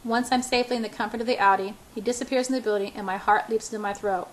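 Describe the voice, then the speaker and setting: A woman's voice: a little high, fairly even intonation, rapid-fire, low-quality recording. A woman reading a first-person novel aloud, often stumbling and restarting words. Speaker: audiobook reader.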